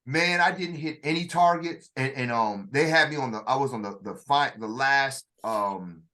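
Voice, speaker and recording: A man telling a personal story in conversation, halting and restarting often, acting out what others said. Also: medium pitch, sharp tone. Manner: halting, with frequent restarts and acted-out quotes. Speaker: author telling his story.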